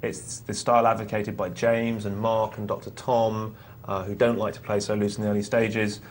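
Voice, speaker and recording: Male co-host, lowish voice, thoughtful explainer, faint hiss behind. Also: level tone, moderate pace. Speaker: poker show co-host. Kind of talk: live on-air poker talk.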